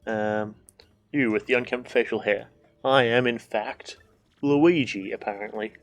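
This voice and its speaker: A man's voice: on the low side, level tone, a little slow, a bit bright. A man streaming a game, chatting casually, joking and swearing, and reading the game's dialogue aloud. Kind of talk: casual gameplay commentary.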